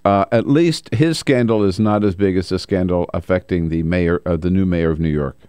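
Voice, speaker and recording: An American man hosting a political talk show, wry and animated, laughing easily between points. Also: low-pitched, moderate pace, clear, resonant tone, dry recording.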